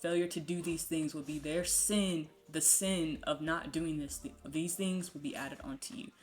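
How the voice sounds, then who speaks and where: A woman's voice: low voice, fairly even intonation, normal speed. A woman giving a casual Bible teaching from home, talking conversationally and checking in with "right?". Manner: conversational, frequent "um" and "right?" tags. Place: home with a puppy nearby.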